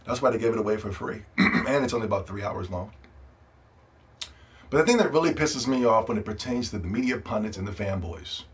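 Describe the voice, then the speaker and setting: A man's voice: fairly low pitch, lively intonation, brisk. A man hosting a podcast in a casual, profane, sarcastic rant. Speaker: podcast host.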